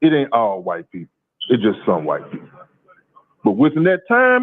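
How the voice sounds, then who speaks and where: A man from calls in and tells a story in a profane, animated way, often repeating words as he stammers. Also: mid-range voice, normal speed, long pauses. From Louisiana, USA. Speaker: caller. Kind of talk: casual call-in storytelling. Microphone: phone call. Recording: tinny phone line.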